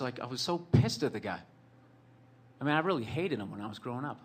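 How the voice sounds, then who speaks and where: A man's voice: medium pitch, expressive, quick pace, fairly bright tone. A man telling a long personal story in a rambling, profane, sardonic way, full of fillers like "like" and "you know". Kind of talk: storytelling monologue.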